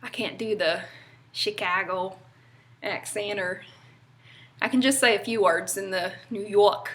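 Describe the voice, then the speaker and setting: A woman's voice: mid-range voice, fairly even intonation, unhurried, fairly bright tone. A young woman from North Carolina with a Southern accent, chatting casually to camera in a rambling way with lots of fillers. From North Carolina, USA. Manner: chatty, rambling, many fillers and little laughs. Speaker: vlogger.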